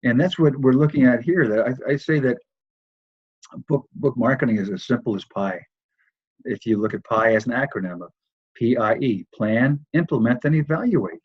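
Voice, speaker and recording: A man's voice: mid-range voice, a little fast, husky, dry recording, muffled recording. A man teaching a recorded course, talking loosely with many restarts and repeated words. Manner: loose, repetitive delivery with frequent restarts. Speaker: course instructor.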